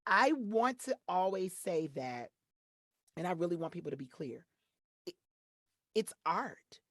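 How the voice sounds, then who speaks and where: A woman voiceover artist from Detroit speaks in a lowish register, with a dry, close sound that has almost no room around it. She chats freely as an interview guest and slips into demonstration voices while explaining her work. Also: expressive, unhurried, dry recording. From Detroit, USA. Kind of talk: casual interview chat.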